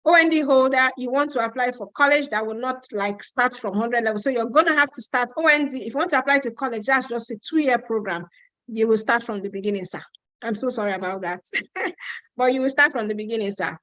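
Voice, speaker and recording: A woman's voice: a little high, a little fast, bright, forceful tone, dry recording, poor audio. A woman with a Nigerian accent hosting a casual live stream, reading out viewer questions and answering them frankly, with some teasing.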